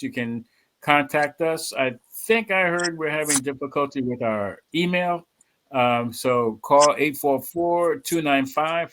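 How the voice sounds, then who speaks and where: A man's voice: a little high, rough recording. Rambling man giving church announcements. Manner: relaxed, rambling with many fillers. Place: spiritual center service.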